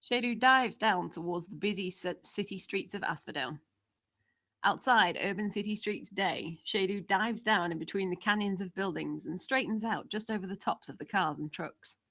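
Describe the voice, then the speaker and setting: A woman's voice: mid-range voice, moderate pace, fairly bright tone. A woman narrating, steadily reading out the scene descriptions of a screenplay.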